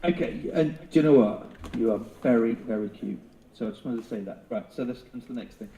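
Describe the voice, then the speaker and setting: A man's voice: medium pitch, a little fast, warm tone, echoey room. A British man chatting playfully on a live stream, joking and rambling with restarts. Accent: British English. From England. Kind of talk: jokey casual chat.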